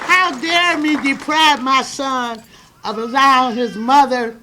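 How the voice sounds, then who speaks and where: Brief: older woman graduate, emphatic and wry, unhurried high voice, tearful, recorded in a noisy crowded room. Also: fairly even intonation, bright, forceful tone, some chatter behind. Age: 60s. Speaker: drug court graduate. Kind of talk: ceremony speech. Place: courtroom ceremony.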